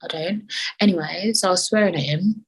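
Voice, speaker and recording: A woman's voice: lowish voice, brisk, husky, poor audio. A woman hosting her own podcast, chatting casually, rambling off on tangents and swearing freely. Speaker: podcast host. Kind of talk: casual solo chat.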